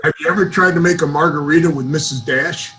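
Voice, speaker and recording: A man's voice: on the high side, fast, sharp tone, low-quality recording. A man doing a stand-up set of one-liners over a video call, with dry setup-and-punchline delivery. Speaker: stand-up comedian.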